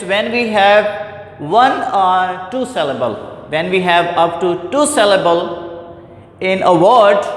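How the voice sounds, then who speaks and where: A man teaching a grammar lesson, repeating points and calling his class "my dear students". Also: sits high. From Pakistan. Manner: repetitive, deliberate, addresses "my dear students". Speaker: English teacher. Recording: echoey hall with faint background noise.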